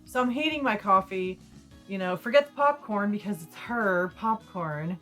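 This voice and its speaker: A woman's voice: medium pitch, moderate pace, a bit bright, soft background music. A woman vlogger retelling a personal story in a rambling, chatty way with asides. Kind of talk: casual storytime.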